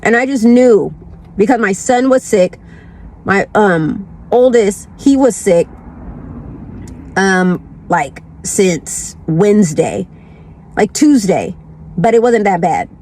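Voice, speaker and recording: A woman's voice: medium pitch, expressive, takes it slowly, long pauses, a little mellow, slight background noise. A woman vlogger chatting casually from her car, congested from the flu, rambling and repeating herself. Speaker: lifestyle vlogger. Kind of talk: casual chat.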